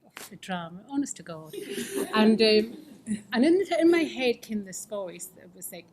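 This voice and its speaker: Animated and darkish in tone, this middle-aged woman talks at a normal pace in a medium pitch, giving frank, self-deprecating testimony about her recovery at a fellowship meeting. She frequently sinks to a whisper, and there's a little hiss or hum.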